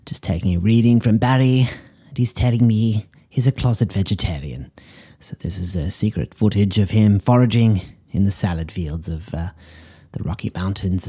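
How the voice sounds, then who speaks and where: An actor playing an eccentric middle-aged woman pet psychic, talking in a breezy, deadpan way and calling everyone darling. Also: on the low side, breathy edge. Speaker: host. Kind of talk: improvised character comedy monologue.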